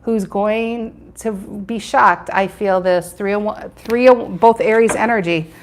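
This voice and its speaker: A woman's voice: medium pitch, fairly even intonation, a little slow. A woman doing a live tarot reading, chatting with viewers and repeating her questions as she turns the cards. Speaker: tarot reader.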